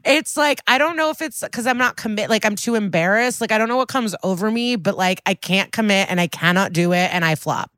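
A woman's voice: mid-range voice, a little fast, few pauses, fairly bright tone, dry recording, studio quality. A woman co-hosting a podcast in casual chat, talkative and self-deprecating, often trailing off mid-sentence. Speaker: podcast co-host.

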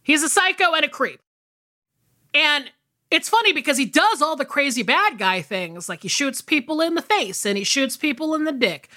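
Bright, lively woman podcast co-host. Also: high voice, normal speed. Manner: rambling, many fillers. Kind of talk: casual movie podcast chat.

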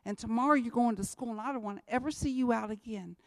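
A woman's voice: fairly high pitch, quick pace, dry recording. Woman giving emphatic church testimony. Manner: repetitive, emphatic storytelling. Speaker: missionary speaker.

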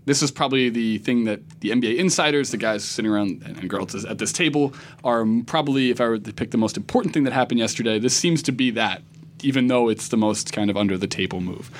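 A man's voice: medium pitch, fast talker, slight background noise. A man with a Philadelphia accent hosting a casual sports podcast, laughing easily as he steers the talk. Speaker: podcast host.

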